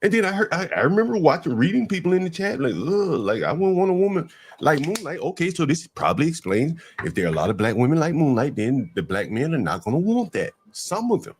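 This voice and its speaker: A man's voice: a little high, big pitch swings, fast talker, few pauses, husky. A man giving casual reaction commentary on a clip, emphatic and full of rhetorical asides.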